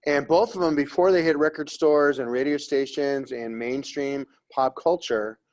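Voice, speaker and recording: A man's voice: on the high side, normal speed, a little mellow. A man teaching an art history class in a loose, conversational way, often checking in with students by asking "right?" and "okay?" and teasing them along the way. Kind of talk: casual classroom lecture.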